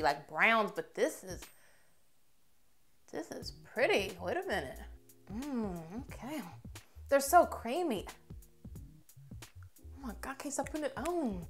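A young woman reviewing makeup on camera in a chatty, expressive way, gushing over what she tries. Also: mid-range voice. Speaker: beauty vlogger.

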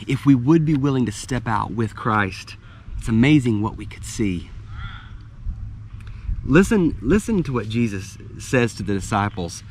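A middle-aged man delivers a sermon in a relaxed, conversational style, often repeating words as he restarts phrases. His voice sits at an ordinary pitch for a man. A faint hum of noise stays in the background. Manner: conversational, with frequent restarts and light laughs. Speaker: pastor.

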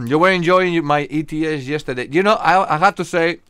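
Pitched on the high side with a fairly bright, clean tone, a young man from Spain chats casually with his live game stream audience in a Spanish accent. He cracks jokes and frequently stalls on filler words. The audio is studio quality with no echo.

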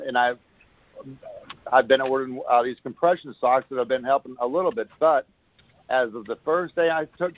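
A man's voice: mid-range voice, no room sound. A man giving a rambling, upbeat testimonial on a phone call, with many restarts. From Florida. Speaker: caller giving a product testimonial.

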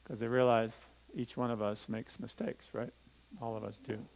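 This pastor's voice is gravelly and mid-pitched, a little mellow, with a flat delivery at normal speed. He reads scripture aloud during a children's talk in the church sanctuary, stopping to put hard words in simple terms, over slight background noise and poor audio.

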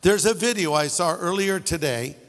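High-voiced pastor joking through a sermon. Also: male voice, normal speed, a bit bright, in a large hall. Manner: storytelling with jokes and asides. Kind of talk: humorous sermon.

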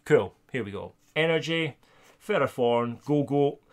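A Scottish man live-streaming himself opening trading card packs, chatting casually with viewers and getting loud and excited over good pulls. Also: medium pitch, a little slow.

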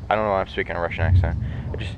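A man's voice: low-pitched, fairly even intonation, very fast, muffled recording, noisy background. A man hosting a gaming video, rambling and joking to himself through let's-play commentary. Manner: rambling, jokey self-talk.

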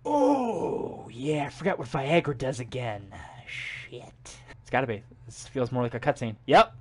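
A man's voice: medium pitch, animated, measured pace, slightly rough. Jokey, swearing young streamer guy. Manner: jokey, swears a lot, exclaims loudly. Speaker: gaming streamer. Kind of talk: casual gameplay commentary.

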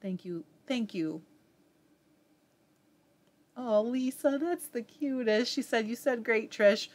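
A woman's voice: a little high, expressive, slow. Chatty Southern woman hosting a live stream. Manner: chatty, laughs often, reads viewer comments aloud. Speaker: host of a live fiber arts stream. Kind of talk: casual live-stream chat reading comments.

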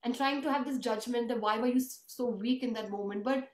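A woman's voice: on the high side, a little fast. A woman telling an emotional family story in earnest, conversational tones during an interview. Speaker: host and author. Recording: roomy echo.

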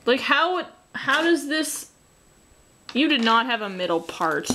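A woman's voice: high voice, very animated, slow pace, sharp tone, slight background noise. A young Canadian woman with a Canadian accent talks her way through a drawing tutorial. She is dry and self-mocking, and she often trails off into muttered asides while she works. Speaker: artist drawing tutorial host. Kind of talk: casual drawing commentary.

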